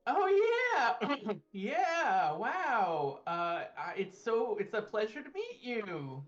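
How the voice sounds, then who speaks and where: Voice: medium pitch, very animated, a little slow, a bit bright, dull audio, faint music behind, voice pushed up. A player voicing Octavio, a pompous young noble who gushes in an overly formal way. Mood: eager.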